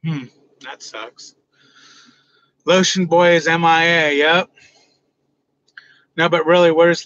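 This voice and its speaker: A man's voice: on the high side, sharp tone, muffled recording. A man hosting a casual livestream from inside his truck, joking loosely and answering his chat. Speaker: livestream host.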